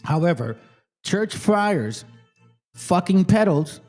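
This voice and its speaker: Lively, combative male commentator. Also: sits high, slow, soft background music. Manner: profane, combative, addresses viewers as fam. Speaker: host. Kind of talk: reactive commentary on a video.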